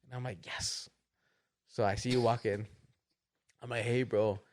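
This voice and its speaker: Animated man retelling a story. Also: mid-range voice, moderate pace. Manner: animated retelling, acts out quotes, laughs often. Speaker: podcast co-host. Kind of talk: casual storytelling chat.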